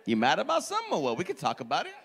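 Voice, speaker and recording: A man's voice: a little high, wildly swooping pitch, very fast, vocal fry, fairly bright tone, a little hiss or hum. A man doing brash, profane crowd work as a stand-up comedian in a comedy club. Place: comedy club before a laughing audience.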